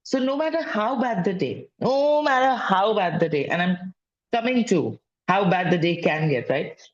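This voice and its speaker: A woman's voice: medium pitch, lively intonation, normal speed. A woman gives a casual spiritual teaching talk as a wellness coach, speaking conversationally and often repeating phrases and adding "right?". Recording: dull lo-fi sound.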